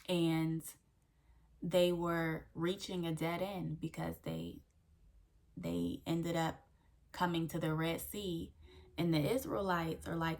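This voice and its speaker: Earnest woman preaching, lowish voice. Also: slow. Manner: earnest, repeats key phrases, frequent "okay?" check-ins. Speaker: faith coach and channel host. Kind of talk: devotional teaching to camera.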